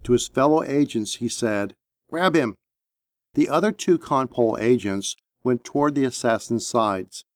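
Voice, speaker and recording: A man narrating an action story in a steady, measured audiobook reading. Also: mid-range voice, no room sound, clean studio sound.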